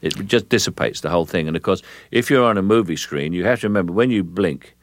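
An older man from London, an actor as an interview guest, speaking in a measured, deliberate way and pausing to restart sentences. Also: expressive, no echo, clean studio sound. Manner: measured, deliberate, with frequent restarts and low chuckles. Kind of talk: relaxed, anecdotal interview talk.

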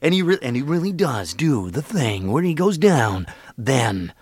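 A man's voice: fairly high pitch, very animated, normal speed, a little mellow, husky, dry recording. A man, a voice actor, chatting in a radio interview in a self-deprecating way with fillers and laughs. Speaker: voice actor guest.

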